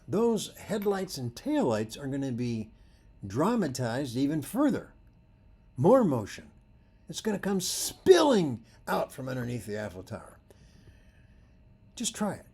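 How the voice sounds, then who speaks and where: A male photography instructor gives a presentation, telling workshop stories with animated delivery. His voice is slightly husky and his pitch swings widely. He acts out the dialogue as he goes. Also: unhurried. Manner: animated storytelling, acting out dialogue.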